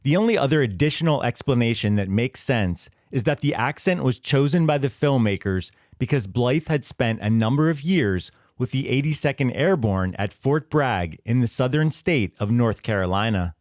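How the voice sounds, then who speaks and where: A man's voice: medium pitch, animated, moderate pace, few pauses, no echo. Man narrating history, dry close sound. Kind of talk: scripted narration.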